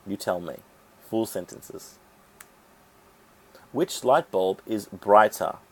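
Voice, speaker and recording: A man teaching an English grammar lesson, explaining rules step by step and sounding out syllables deliberately. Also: on the low side, lively intonation, breathy edge.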